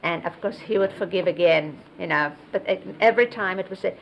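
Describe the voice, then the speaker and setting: A woman recalling memories in an unhurried storytelling way, explaining and demonstrating hand gestures as she goes. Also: lowish voice, creaky, lo-fi sound, slight background noise. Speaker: close companion recounting memories of a spiritual teacher. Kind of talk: reminiscing storytelling. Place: 1970s videotaped sit-down interview.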